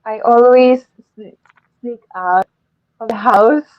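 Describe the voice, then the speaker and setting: A woman's voice: on the high side, slow pace, no echo. A woman in her twenties with a Filipino accent, a pageant candidate who introduces herself in an interview, poised and courteous. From Iriga City, Bicol, Philippines. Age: 20s. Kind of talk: polite self-introduction in an interview. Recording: dull, dry video-call audio.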